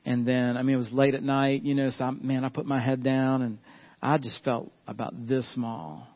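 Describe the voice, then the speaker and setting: A man's voice: mid-range voice, level tone, moderate pace. Middle-aged male pastor, muffled recording. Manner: casual and storytelling, chuckling often, addressing the congregation as y'all. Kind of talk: conversational sermon.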